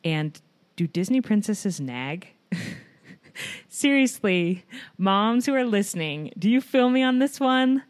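An American woman in her thirties hosts a podcast for moms, reading a scripted opening with warmth and light, self-deprecating humor. Her medium-pitched voice is expressive and slow, with no echo.

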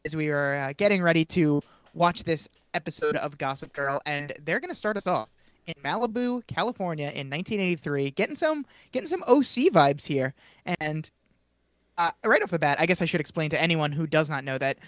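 Man, podcast host, quick talker, slightly high voice, dry close sound. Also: lively intonation, a bit bright, no room sound. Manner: quick, giggly recapping. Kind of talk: casual chat.

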